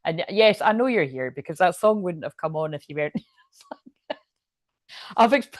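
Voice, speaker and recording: A woman speaks at normal speed in a lowish voice with lively intonation. She's a Scottish tarot reader giving a casual, rambling reading to camera, swearing freely and often laughing, recorded dry.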